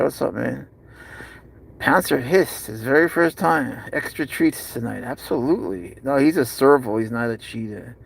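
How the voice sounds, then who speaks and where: A man streaming live from inside a car, doting on his pet cat and often slipping into high baby talk. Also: vocal fry. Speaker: pet owner vlogger. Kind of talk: casual live-stream chat.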